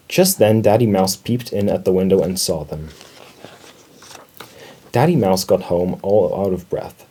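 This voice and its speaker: A man reading a children's storybook aloud in an expressive storytelling manner. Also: sits low, measured pace, long pauses, breathy edge. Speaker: storybook reader.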